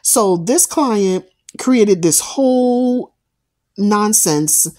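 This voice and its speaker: A woman's voice: mid-range voice, animated, extremely slow, darkish tone. A woman hosting a reaction video, giving emphatic, opinionated commentary on a story she has just watched. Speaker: reaction channel host.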